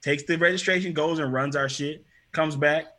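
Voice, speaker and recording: A young man tells a story among friends in a bright, forceful voice. He gets animated and acts out the other people in the story, raising and dropping his voice for each one. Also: moderate pace. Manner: animated, acts out quotes with shifts in pitch and loudness. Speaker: storyteller in group chat. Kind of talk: casual storytelling.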